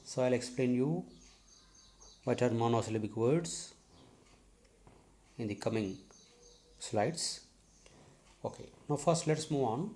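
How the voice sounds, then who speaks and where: A middle-aged man from South India with an Indian English accent, teaching a recorded lecture slowly and deliberately, repeating key terms and checking "okay?". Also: medium pitch, a little mellow. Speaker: English professor.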